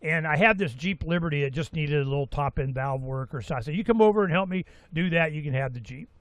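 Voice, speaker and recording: A man in his sixties giving a rambling, folksy talk-radio monologue as host, with animated asides. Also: fairly high pitch, fast, no echo. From Florida, USA. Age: 60s.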